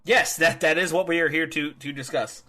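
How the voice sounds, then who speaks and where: A young man co-hosting a wrestling podcast, talking in an animated, laughing way with lots of "like" fillers. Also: a little high, normal speed. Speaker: podcast co-host. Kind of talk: casual wrestling podcast chat.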